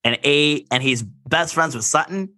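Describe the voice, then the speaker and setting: Man, podcast co-host, sassy, playful, bright tone, dry close sound. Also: on the high side, a little slow, no echo. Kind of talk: casual gossip chat.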